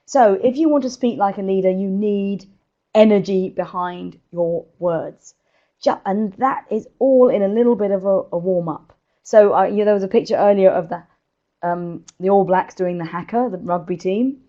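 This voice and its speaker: An energetic woman speaker, giving presentation tips in a live webinar and laughing often. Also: mid-range voice, normal speed, dull audio.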